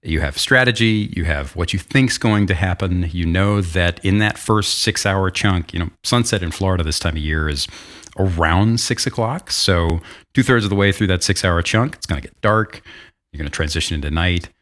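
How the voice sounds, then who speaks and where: Brief: very low-voiced male host, chatty, animated, quick asides. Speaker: podcast host. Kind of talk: casual podcast chat.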